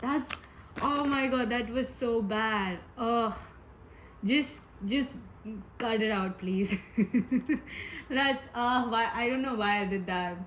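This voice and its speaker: A woman's voice: on the high side, takes it slowly, a little hiss or hum, rough recording. A woman giving a casual pick-a-pile tarot reading, chatty and giggly, rambling with many asides. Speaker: tarot reader.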